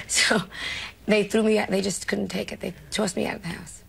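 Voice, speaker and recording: A woman from New York, a comedian appearing as an interview guest, talks fast in a gravelly, husky, mid-range voice. She recalls stories in a television interview, animatedly acting out the quoted lines.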